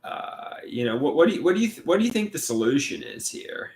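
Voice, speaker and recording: A man hosting a casual livestream and reading out chat comments. He talks haltingly, with restarts, and sounds frustrated and glum. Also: a little high, big pitch swings, darkish tone, slight background noise. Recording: echoey room.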